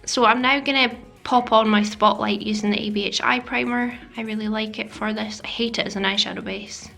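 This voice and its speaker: A woman's voice: mid-range voice, fairly even intonation, a little fast, vocal fry, sharp tone, soft background music. A woman narrating a makeup tutorial voice-over, chatty and self-deprecating, sometimes dropping to a whisper. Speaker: beauty vlogger. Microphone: voice-over mic.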